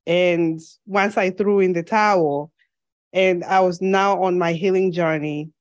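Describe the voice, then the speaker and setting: A woman's voice: lowish voice, steady tone, measured pace, dry recording, lo-fi sound. A woman from Zambia with a slight lisp, a podcast guest telling her story in an earnest, reflective way in a casual interview.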